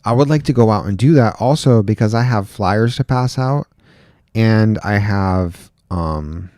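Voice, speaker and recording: Casual livestream host, man, low and mellow, talks loosely and drifts off topic; dry close-miked sound. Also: unhurried, no echo. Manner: rambling, chatty, reads chat aloud. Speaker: livestream host, rideshare driver. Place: indoor home room. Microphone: close desk microphone.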